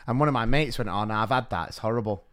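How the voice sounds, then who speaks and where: A man's voice: on the low side, quick pace, smooth. A man, co-hosting a podcast and telling stories with lots of laughter and acted-out quotes. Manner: animated storyteller, acts out quotes, laughs a lot. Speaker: podcast co-host, teacher. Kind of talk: casual chat, storytelling.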